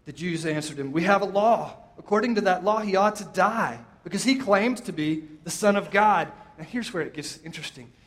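A man preaching a sermon, retelling a scripture story with dramatic pauses and quoted lines. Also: lively intonation. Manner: storytelling, voices quotes with rising pitch, drops soft for emphasis.

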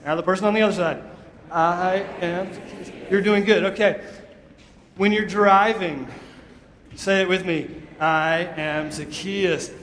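A man with a high-pitched, somewhat bright voice preaches a sermon as a pastor, speaking at a measured pace with fairly even intonation and long pauses. Emphatic yet conversational, he leads his congregation in call-and-response in a church sanctuary. The echoey hall gives long reverb, with a little hiss or hum.

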